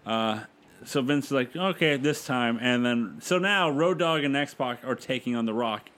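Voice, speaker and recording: A man's voice: medium pitch, normal speed, a bit bright. A man casually recapping events play by play on a podcast, laughing along with his co-host.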